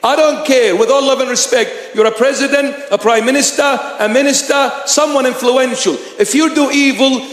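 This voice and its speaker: Impassioned high-voiced man preaching in echoey hall. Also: moderate pace, hardly any pauses. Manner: impassioned, acts out little scenes, rising to shouts. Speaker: bishop. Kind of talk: sermon. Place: church.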